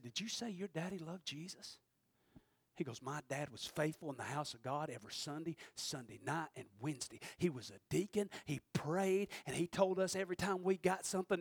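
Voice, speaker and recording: A man preaching a sermon, who swings between shouting and quiet, intense passages and calls out to the congregation. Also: on the high side, vocal fry, no echo, clean studio sound. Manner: preaches with call-and-response asides to the congregation. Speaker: pastor.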